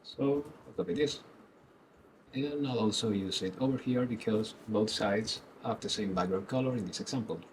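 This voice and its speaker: A man presenting a screen-recorded web development tutorial, explaining each step calmly. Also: on the low side, moderate pace, a little hiss or hum, low-quality recording.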